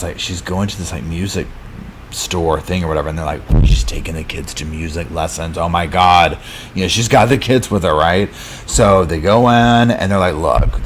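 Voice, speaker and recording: A man's voice: sits low, slight background noise. A man hosting a live true crime chat, retelling a case casually with lots of fillers and acted-out quotes. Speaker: true crime channel host. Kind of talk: live chat recap of a docuseries.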